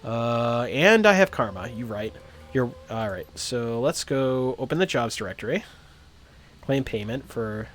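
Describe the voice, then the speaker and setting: A man's voice: mid-range voice, animated, a little slow. Rambling male game streamer. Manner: rambling, lots of uhs and ums. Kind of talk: casual live-stream commentary, reading game text aloud.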